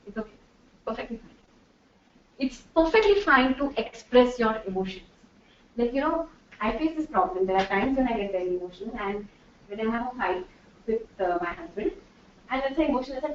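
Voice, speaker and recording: A woman's voice: on the high side, brisk, slight background noise. A middle-aged woman giving a chatty workshop talk to a live audience as a corporate trainer, slipping into Hindi and laughing often. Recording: distant, dull, echoey room.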